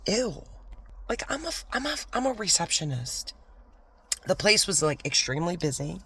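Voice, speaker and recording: A woman's voice: lowish voice, sing-song, normal speed, fairly bright tone, slightly rough. A woman vlogger telling a storytime rant about an old job, swinging between fired-up complaints and whispered asides.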